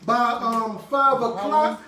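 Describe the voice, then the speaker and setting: A high-voiced man preaches in call-and-response style, his tone steady and his pace slow, bursting into shouts and then slipping into casual slangy asides. He sounds far from the mic in an echoey worship room with faint background noise.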